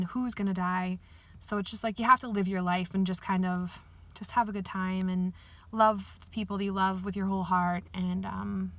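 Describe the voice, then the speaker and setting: A woman giving a candid, rambling personal video update, speaking plainly with many pauses and fillers. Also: medium pitch, vocal fry, a bit bright, no echo. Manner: speaks plainly about grief and dieting. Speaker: vlogger.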